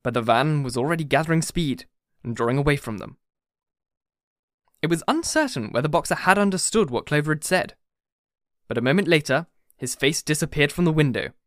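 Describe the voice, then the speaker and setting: A man's voice: on the high side, fairly bright tone, no room sound. Man reading an audiobook, dry close sound. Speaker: audiobook narrator. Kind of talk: scripted narration.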